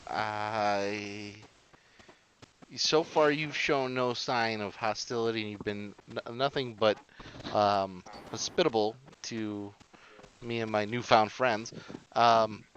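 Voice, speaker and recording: A man playing a tabletop game, talking in a hesitant, halting way. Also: on the low side, fairly even intonation, a bit bright, lo-fi sound, a little hiss or hum. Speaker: player. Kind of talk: tabletop role-play.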